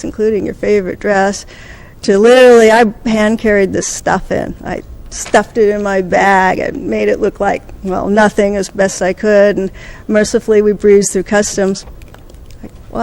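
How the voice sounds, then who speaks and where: A woman giving a conference talk, telling a story and acting out the quoted dialogue with lively energy. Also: mid-range voice, normal speed, gravelly. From United States. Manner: animated, acts out quoted dialogue. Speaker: conference speaker.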